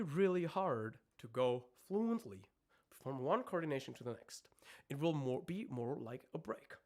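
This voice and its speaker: A man giving a live-streamed vocal lesson, explaining technique in detail and breaking into sung notes and screamed demonstrations. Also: fairly high pitch. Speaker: vocal coach.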